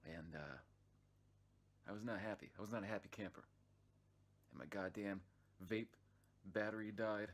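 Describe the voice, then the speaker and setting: Low-voiced man telling a rambling story. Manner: rambling, swears freely, many restarts and fillers. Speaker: vlog narrator. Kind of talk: casual profane storytelling.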